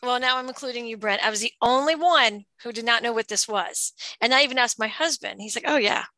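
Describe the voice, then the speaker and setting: A woman co-hosting a casual podcast, playful and quick to giggle. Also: a little high, bright, forceful tone, no room sound. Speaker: co-host.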